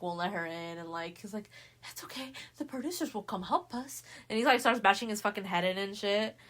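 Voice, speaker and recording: A young woman talking fast and loose as she recaps a book, heavy on slang and swearing. She throws herself into the characters' lines with sudden bursts of voice, keeping a loose, unscripted chat feel. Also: fairly low pitch. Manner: animated, acts out characters' lines in quick voices. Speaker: podcast host.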